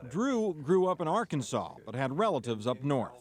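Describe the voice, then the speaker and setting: A man from Minnesota narrating a TV news feature in a brisk, scripted reporter's delivery. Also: a little high, sing-song. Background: music.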